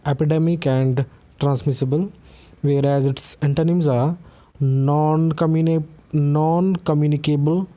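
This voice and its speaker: A man teaching newspaper vocabulary, switching between Hindi and English and reading example sentences slowly. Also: on the high side, mellow. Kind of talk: vocabulary lesson.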